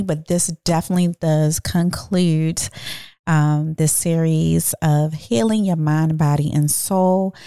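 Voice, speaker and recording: Woman, podcast host, casual storytelling, blunt and animated, swears, mellow dark tone, dry close sound. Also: lowish voice, creaky, no echo. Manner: speaks directly to listeners.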